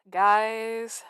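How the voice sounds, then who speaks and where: A woman streamer chatting excitedly while playing a game and reading its dialogue aloud. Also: a little high, smooth, dry recording. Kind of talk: casual let's-play commentary. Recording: voice over loud game music.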